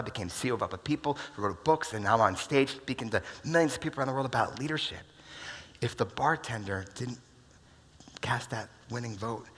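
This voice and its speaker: A man in his forties giving a motivational keynote talk, telling stories dramatically and swinging from loud bursts to hushed asides. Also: mid-range voice, breathy edge. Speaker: keynote speaker. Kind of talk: motivational stage storytelling. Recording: long hall reverb.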